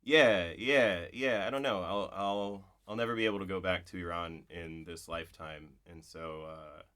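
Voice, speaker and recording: A man with a very low voice talks through his ideas at a live bookshop event. He is a poet, reflective and digressive, often checking in with "right?" as he builds a thought. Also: moderate pace, a bit bright. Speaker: poet, interview guest.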